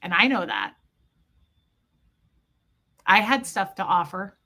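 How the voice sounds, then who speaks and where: A woman hosting a livestream, talking emotionally to her viewers and swinging between yelling and quiet reflection. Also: medium pitch, huge pitch swings, slow, creaky. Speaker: livestream host.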